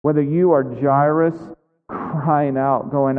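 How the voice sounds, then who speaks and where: A man's voice: a little high, a little slow. A man pastor preaching a sermon in a church, earnest and conversational, pressing the listeners with repeated questions. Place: church sanctuary. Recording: phone-like sound in a reverberant hall.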